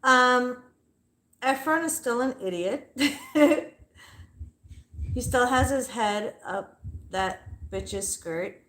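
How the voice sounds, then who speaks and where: A woman's voice: a little high, very slow, pauses often, fairly bright tone. Chatty young woman doing live readings. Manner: chatty and playful, with blunt swearing. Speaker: live psychic reader. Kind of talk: casual live-stream reading.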